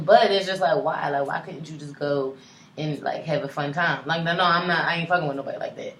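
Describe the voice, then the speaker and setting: Fast-talking woman in an echoey room. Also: deep voice. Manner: animated, emphatic, swears freely. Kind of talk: casual chat. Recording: echoey room with faint noise.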